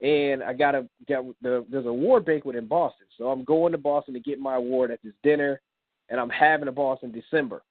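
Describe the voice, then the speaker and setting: A man's voice: mid-range voice, brisk, no echo. A man in his thirties, a comic book creator, telling personal stories as a guest on a call-in radio show. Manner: animated, recounts with quoted dialogue. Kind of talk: casual storytelling on a radio interview. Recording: tinny phone line.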